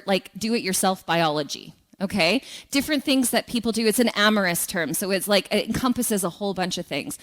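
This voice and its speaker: A woman giving a spiritual talk to a congregation, telling lively personal stories and asking the audience questions. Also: mid-range voice. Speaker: guest speaker.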